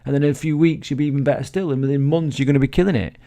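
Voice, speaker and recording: A man's voice: fairly high pitch, steady tone, racing, mellow. A middle-aged man giving a casual, chatty business training talk, swearing freely and restarting his sentences often. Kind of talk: motivational teaching talk.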